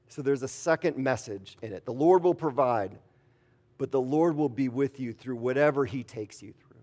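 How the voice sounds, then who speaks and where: A man's voice: mid-range voice, moderate pace, warm tone. A man preaching an earnest sermon as pastor, telling stories and acting out quotes. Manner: earnest, storytelling with acted quotes.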